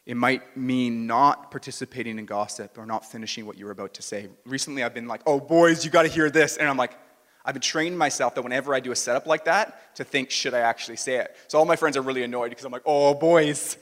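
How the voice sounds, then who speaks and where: A man's voice: medium pitch, fast talker, sharp tone. Man preaching casually in a reverberant hall. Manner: conversational, self-deprecating, with quoted asides. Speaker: pastor. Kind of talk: sermon. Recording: music under a long hall reverb.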